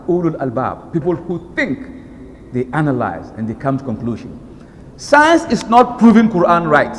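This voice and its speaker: A man giving a religious lecture as a preacher, animated and repeating words for emphasis. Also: on the high side, moderate pace, a little hiss or hum. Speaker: Islamic preacher. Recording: long hall reverb.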